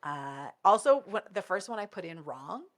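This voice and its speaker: A woman's voice: lowish voice, sing-song, moderate pace, a bit bright. A woman co-hosting a podcast in casual chat, telling stories animatedly and laughing often. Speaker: podcast co-host.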